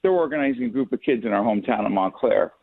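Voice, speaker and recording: A man appearing as a guest on a radio show, speaking earnestly and pressing his point in a measured way. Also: fairly low pitch, creaky, husky. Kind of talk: talk radio interview. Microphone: phone. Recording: tinny phone line, dry.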